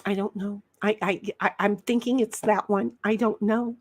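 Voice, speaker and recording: A woman's voice: mid-range voice, steady tone, normal speed. A woman hosting a casual livestream chat, rambling as she reads viewers' messages aloud. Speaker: livestream host reading chat.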